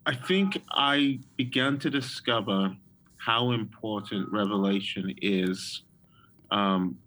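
A man with a somewhat low voice tells his own testimony as a guest in an interview. He talks in a storytelling way, with plenty of ums and restarted phrases. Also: slow pace, fairly bright tone, rough recording. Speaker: guest prophet.

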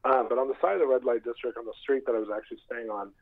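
A man speaking quickly over a tinny, phone-like line as he tells a story as a guest. The pastor's words come in an animated, tumbling rush. His pitch sits at a middling male level.

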